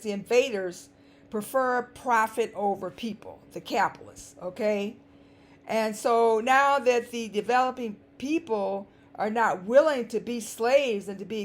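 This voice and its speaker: A woman with a dry, scratchy voice giving an emphatic, sarcastic commentary monologue, repeating words for stress. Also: medium pitch. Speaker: vlogger.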